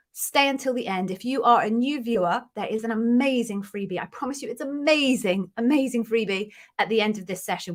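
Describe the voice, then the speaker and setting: A woman's voice: medium pitch, fairly bright tone. Effusive British woman hosting a live Q&A. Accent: British English. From Britain. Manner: chatty and effusive, greets viewers by name. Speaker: host, interview coach. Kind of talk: live-stream Q&A.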